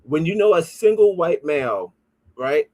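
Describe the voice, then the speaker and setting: A man's voice: fairly high pitch, expressive, a little slow, darkish tone. A man hosting a podcast, riffing in a casual, profane way and reading comments aloud. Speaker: podcast host.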